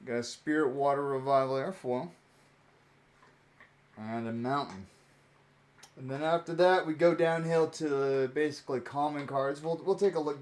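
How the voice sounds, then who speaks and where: A young man streaming a card-pack opening, chatting casually with many fillers and chuckles. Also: medium pitch.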